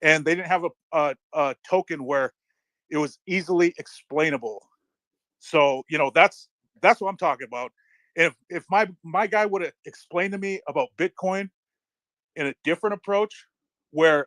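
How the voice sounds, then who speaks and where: A middle-aged man chatting casually in a live audio room, telling excitable stories and swearing freely. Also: on the high side, normal speed, dry recording. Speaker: crypto community speaker.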